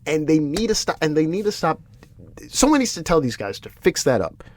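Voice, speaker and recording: On a solo MMA podcast, a male host with a slightly high, sing-song voice rants fairly quickly. He's exasperated, swears, and keeps restarting his sentences.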